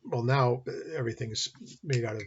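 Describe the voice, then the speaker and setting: Middle-aged new guy teaching business law, kinda husky, folksy stories, dull computer mic sound. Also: mid-range voice, moderate pace. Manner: folksy storyteller, acts out dialogue. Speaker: college business law instructor. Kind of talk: recorded lecture with stories. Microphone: built-in computer or webcam mic.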